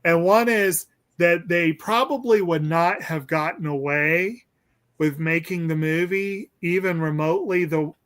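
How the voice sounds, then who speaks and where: A man's voice: fairly high pitch, measured pace, fairly bright tone. A man hosting a casual movie discussion, rambling and hesitant with lots of ums and restarts. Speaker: podcast host.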